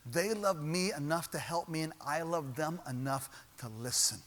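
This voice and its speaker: Man, pastor, church sermon, repeated refrains, high bright voice. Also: normal speed. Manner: preaching with rising intensity and repeated refrains.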